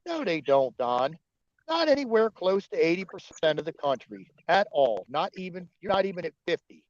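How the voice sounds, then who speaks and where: A man's voice: high voice, very animated, moderate pace, no room sound. A man ranting angrily on a livestream, cursing often and arguing with his chat. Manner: profane, angry, argumentative. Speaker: livestream host. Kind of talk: heated livestream rant. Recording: dull, dry lo-fi stream audio.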